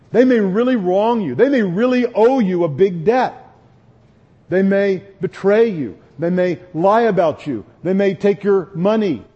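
Husky-voiced man preaching earnestly. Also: high-pitched, a little slow, warm tone, lo-fi sound. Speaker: pastor. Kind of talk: sermon.

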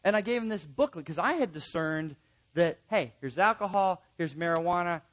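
Animated man teaching counselors. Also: sits high, normal speed. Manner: animated, acts out quoted remarks; emphatic repetition. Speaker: counseling instructor.

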